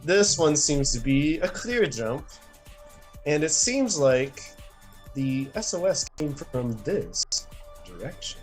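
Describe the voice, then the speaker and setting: A man running a tabletop game as game master, narrating in a halting way with many fillers and chuckles. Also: fairly high pitch, sing-song, soft background music.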